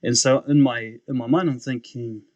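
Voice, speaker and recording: A young man speaks at normal speed and an ordinary mid pitch as a podcast guest sharing his story. Lively and casual, he mimics the people he quotes and laughs throughout. The recording is dry and close without room echo, though it sounds muffled.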